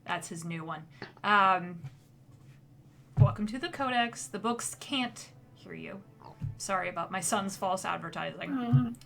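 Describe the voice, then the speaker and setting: A woman voicing a flustered dwarven shopkeeper mother with a brisk, apologetic manner. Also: mid-range voice, lively intonation, creaky, a bit bright.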